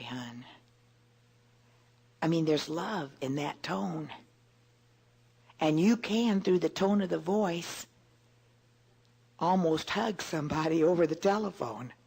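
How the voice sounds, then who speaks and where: Gentle older woman teaching, gravelly voice. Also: deep voice. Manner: gentle, earnest, repeats words while searching. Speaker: women's Bible teacher. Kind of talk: devotional teaching talk.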